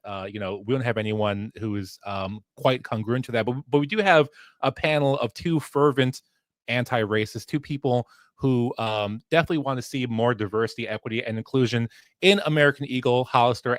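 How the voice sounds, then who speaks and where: A man's voice: mid-range voice, no echo, clean studio sound. A man filling in as host of a casual livestream talk show, rambling with lots of fillers and restarts, on a headset mic at home. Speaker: fill-in host.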